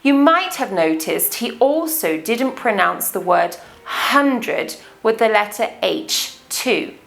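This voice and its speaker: A British woman explaining English accents as a teacher, talking carefully and deliberately. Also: on the high side, expressive, vocal fry, a bit bright. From Britain.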